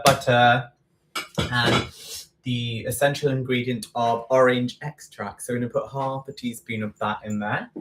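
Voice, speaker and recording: A man's voice: medium pitch, fairly bright tone, distant mic. A man chatting casually while baking in his home kitchen, rambling and correcting himself. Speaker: baking livestream host. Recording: roomy kitchen, away from mic, faint noise.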